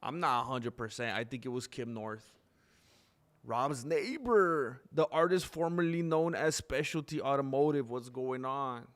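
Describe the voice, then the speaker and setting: A man's voice: medium pitch, measured pace. A man hosting a live stream in casual chat, rambling, reading viewer names aloud and correcting himself as he goes.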